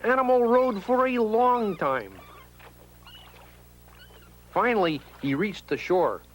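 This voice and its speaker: A man narrating a children's storybook in an expressive, scripted read-aloud style. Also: sits high, slow, low-quality recording.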